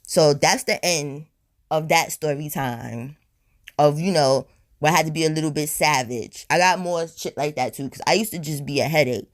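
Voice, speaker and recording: A woman telling a storytime on her vlog in a blunt, profane, animated way, a little high and tipsy. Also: moderate pace. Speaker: storytime vlogger. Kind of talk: casual storytime monologue.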